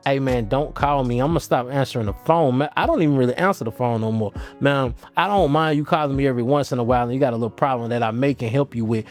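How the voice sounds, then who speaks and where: A man's voice: mid-range voice, quick pace, few pauses. A man hosting his own channel, talking casually to camera in a rambling, slangy way with frequent restarts. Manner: rambling, restarts often, loose slangy talk. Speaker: channel host. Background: faint guitar music.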